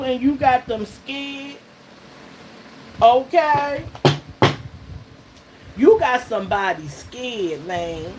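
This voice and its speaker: A woman reading tarot cards for her viewers in a casual, emphatic way, often checking in with "okay?" and laughing between points. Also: high-pitched. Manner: emphatic, keeps checking in with "okay?" and "all right?"; laughs between lines, loose and conversational. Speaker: tarot reader hosting her channel. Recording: noisy recording with steady background noise.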